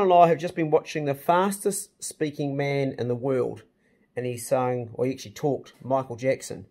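A middle-aged man with a New Zealand accent, hosting a casual vlog and chatting excitedly with plenty of mild swearing. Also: medium pitch, moderate pace. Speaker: channel host.

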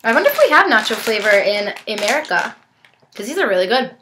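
A woman's voice: on the high side, sing-song, quick pace, noisy background. A young woman reviewing snacks in a casual unboxing vlog, chatting and tasting as she goes, sometimes talking with her mouth full. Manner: chatty, talks while chewing.

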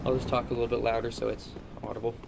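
A man's voice: mid-range voice, level tone, rapid-fire, vocal fry, background noise. A man who has lost his voice and is short on sleep, giving rambling, self-deprecating commentary as he plays a game and swears at it now and then. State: hoarse, lost voice; tired from little sleep. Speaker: gaming channel host. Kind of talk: casual let's-play commentary. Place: home gaming setup, leaning back in chair.

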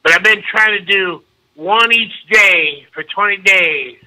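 A man's voice: high-pitched, a little slow, pushed and bright, poor audio. A man calling in on speakerphone, stoned and laid-back, drawling with lots of dude and man. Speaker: caller. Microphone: phone on speakerphone.

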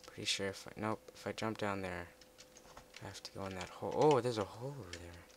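A man giving casual commentary while playing a game, chatty and muttering to himself, with excitable outbursts. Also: sits low, quick pace. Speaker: let's play gamer. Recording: loud background noise with keyboard typing.

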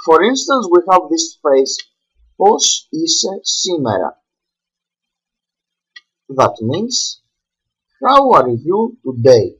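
Slow, halting man teaching at a board. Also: on the high side, sing-song, fairly bright tone, slightly rough, lo-fi sound. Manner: slow, halting explanations with many fillers. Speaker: language teacher. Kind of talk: whiteboard language lesson.

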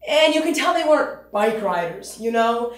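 A woman's voice: fairly high pitch, animated, normal speed, roomy sound, natural voice. A young woman acting in a stage monologue, playing a laid-back stoner who rambles and swears. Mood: rambling. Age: young adult. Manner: rambling, loose and profane. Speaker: student actor.

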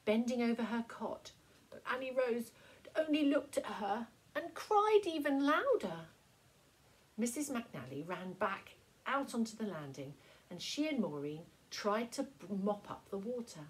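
A woman's voice: fairly high pitch, poor audio. Woman teacher reading a picture book aloud. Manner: expressive, slow storytelling. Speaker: primary school teacher.

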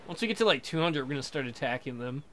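A man's voice: medium pitch, lively intonation, quick pace, fairly bright tone, a little hiss or hum. A young man giving casual, joking commentary over a pirate video game, with crude, playful asides. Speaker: let's play gamer.

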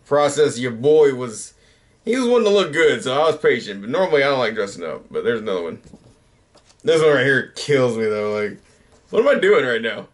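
Speaking a little fast at an ordinary mid pitch, this thirty-something YouTuber rambles loosely, as in a relaxed late-night vlog. Self-mockery runs through his talk, and his sentences tend to fade out unfinished.

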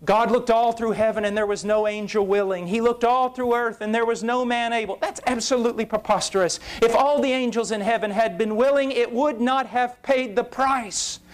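A man preaching an intense, impassioned sermon that rises to shouts at its peaks. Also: extremely high pitch, fairly even intonation, normal speed, few pauses. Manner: intense, rising to shouts at climaxes.

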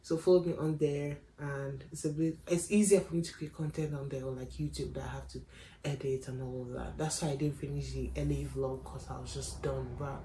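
A woman's voice: rumbling low, fairly even intonation, brisk, warm tone, slight background noise. A young woman, chatting casually and animatedly to camera in a travel vlog, full of slang and easy laughs. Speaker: travel vlogger. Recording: echoey room with faint ambience.

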